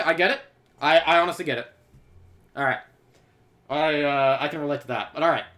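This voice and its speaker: A man's voice: on the high side, fairly quick, pauses often, sharp tone. A man from Texas giving casual, rambling reaction commentary, laughing and swearing often. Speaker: reaction video creator.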